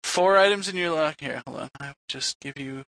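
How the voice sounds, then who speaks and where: A man co-hosting a casual podcast chat, excitable and running the segment. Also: a little high, brisk.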